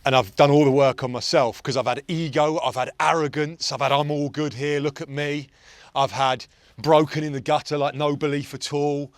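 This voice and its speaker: A man's voice: a little high, steady tone, brisk, no echo. A man in his forties, a performance coach, talking casually and bluntly, telling stories with the odd swear word. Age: 40s. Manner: intense, blunt, storytelling with swearing. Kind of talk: casual chat. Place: golf course outdoors.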